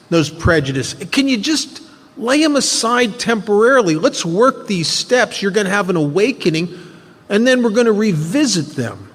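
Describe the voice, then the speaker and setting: A man's voice: high-pitched, slightly rough. A man speaking at a recovery workshop, telling a story earnestly to make a spiritual point. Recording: long hall reverb.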